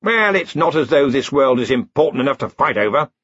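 A hearty, blustering old wizard chief, done by a man booms along breezily in a raised voice. The tone is husky and the recording dull and dry. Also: sing-song, brisk, fairly bright tone, dry recording. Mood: jovial.

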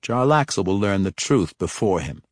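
A man voicing a zealous, scheming dark elf matriarch, speaking sharply and resolutely in a fantasy audiobook. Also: low voice, lively intonation, normal speed, no echo, clean studio sound. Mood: calm scheming.

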